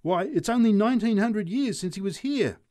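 A man reading aloud, voicing an excitable drunk man who shouts and marvels. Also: sits high, measured pace, pitched above the performer's own voice, heavily acted. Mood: mocking. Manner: excitable, slurred exclamations.

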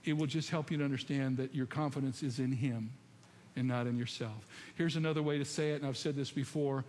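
A man's voice: mid-range voice, steady tone, a little fast, a little mellow, a little hiss or hum. A man preaching a sermon and telling stories, often putting questions to his congregation. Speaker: pastor. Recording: long hall reverb, faint ambience.

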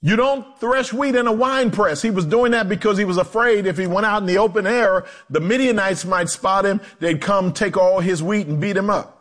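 A male pastor preaching a sermon, animated, acting out quotes in low voices and joking with the congregation. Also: normal speed, hardly any pauses. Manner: animated preaching with swooping pitch and dramatic drops.

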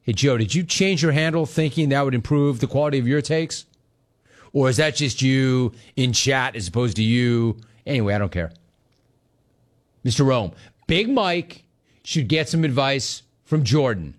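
A man's voice: mid-range voice, lively intonation, moderate pace. A middle-aged man hosting sports talk radio, needling listeners with sarcastic riffs and reading chat comments aloud. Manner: sarcastic, needling, laughing at callers.

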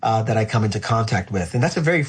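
Earnest husky-voiced pastor. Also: male voice, lowish voice, lively intonation, very fast. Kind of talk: reflective faith conversation.

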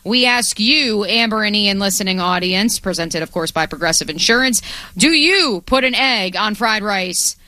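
Female sports radio co-host, teasing banter, bright voice, dry studio sound. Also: mid-range voice, lively intonation, moderate pace, no room sound. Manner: teasing, playful. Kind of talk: casual sports radio banter and live reads. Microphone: studio microphone.

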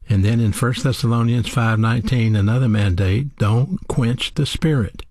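A man teaching a sermon, speaking in a measured, deliberate way and asking rhetorical questions to his listeners. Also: mid-range voice, darkish tone, no echo, clean studio sound. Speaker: radio Bible teacher.

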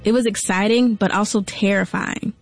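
A woman radio reporter narrating a feature story in a measured, even way. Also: mid-range voice, faint music behind. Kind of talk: scripted narration.

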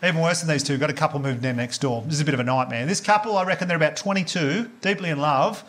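An Australian man in his thirties doing a stand-up comedy set, telling stories deadpan and working the crowd. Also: on the high side, quick pace. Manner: crowd work, deadpan storytelling with acted asides. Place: live comedy venue with audience laughter.

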